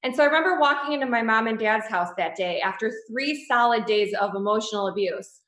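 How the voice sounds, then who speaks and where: A woman's voice: on the high side, expressive, a little fast, fairly bright tone. A woman in her thirties, a guest telling her personal story in an interview, candid and rambling with many restarts. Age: 30s. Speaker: guest, boudoir photographer. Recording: echoey room.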